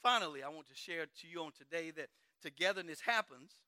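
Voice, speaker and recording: A man's voice: a little high, expressive, brisk, bright, forceful tone, dry recording. A man preaching a sermon in a church, driving his points with repeated rhetorical questions.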